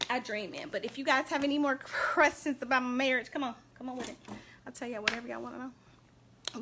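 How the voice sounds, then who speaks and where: A chatty woman, talking casually to her live-stream viewers. Her voice sits at a middle pitch, lively and warm in tone. A faint hum of background noise sits behind her. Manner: animated, chatty, shouts out viewers and laughs often. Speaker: host of a faith and relationship live stream.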